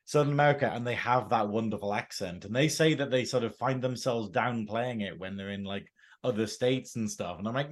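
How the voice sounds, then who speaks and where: A man's voice: medium pitch, brisk. An English man in casual podcast chat, reviewing a TV episode, laughing often and slipping into jokey put-on accents. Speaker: podcast co-host.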